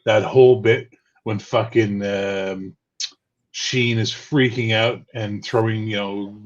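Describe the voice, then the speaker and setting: A man's voice: lowish voice, steady tone, slow. A man talking casually as a guest, loose and profane, often restarting his sentences. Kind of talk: casual chat. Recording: dull lo-fi mic.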